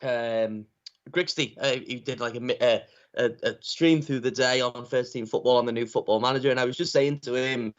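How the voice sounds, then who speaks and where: A man's voice: mid-range voice, fairly even intonation. Guy rambling on a live stream, keeps saying you know, muffled lo-fi mic. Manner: rambling, halting, lots of "you know" and ums. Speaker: guest pundit. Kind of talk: casual live-stream chat.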